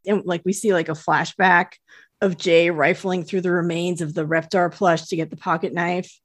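A woman's voice: lowish voice, level tone, normal speed, no room sound, studio quality. Chatty woman podcast co-host. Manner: chatty and giggly, quotes characters in a lightly acted voice. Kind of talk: casual episode recap chat.

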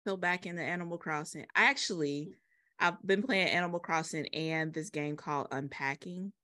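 A woman's voice: deep voice, normal speed, sharp tone. A woman co-hosting a podcast, chatting casually in a laid-back, dryly humorous way. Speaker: podcast co-host. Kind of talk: casual chat.

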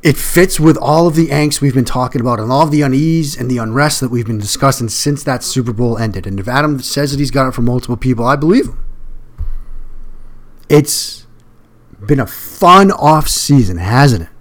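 A man's voice: mid-range voice, fairly quick. A man hosting a solo sports podcast, talking in a conversational, emphatic way and repeating words when he stresses a point. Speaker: podcast host.

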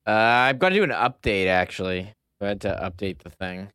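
A man's voice: fairly low pitch, a little fast, bright, forceful tone, smooth, dry recording, clean studio sound. A man with a Canadian accent co-hosting a sports talk show, laid-back and hesitant, filling with "like". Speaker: co-host.

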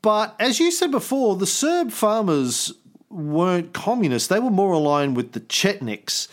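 The host of a casual history podcast, this man speaks in a high-sitting voice at a slightly slow pace. His storytelling is loose, chatty, and animated, with occasional swearing and funny voices whenever he quotes someone.

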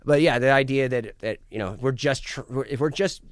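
A man's voice: mid-range voice, brisk, clear, resonant tone, no room sound, clean studio sound. A man guesting on a podcast as a musician, talking in a rambling, profane, casual way with frequent restarts. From United States. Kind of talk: casual chat.

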